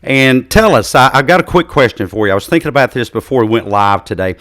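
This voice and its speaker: An enthusiastic man hosting a live interview show over a video call. His voice sits at a middle pitch and the sound is close and dry. He asks questions warmly and eagerly. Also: lively intonation, fast talker, dry recording. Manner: upbeat and enthusiastic, with some fillers. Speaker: podcast host.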